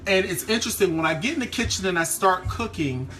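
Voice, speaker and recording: A man's voice: sits high, lively intonation, fast talker, pushed and bright, soft background music. A man from Maryland's Eastern Shore with a hint of its accent, chatting casually with viewers while cooking in his home kitchen. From Eastern Shore of Maryland, USA. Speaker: host of a live cooking stream. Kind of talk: casual live-stream cooking chat.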